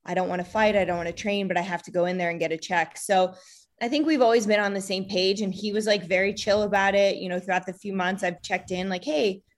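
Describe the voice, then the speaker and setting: A woman's voice: medium pitch, steady tone, quick pace. A woman in her thirties talking casually as an interview guest, chatty with many fillers and acting out quoted lines. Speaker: guest, wife of a retired fighter.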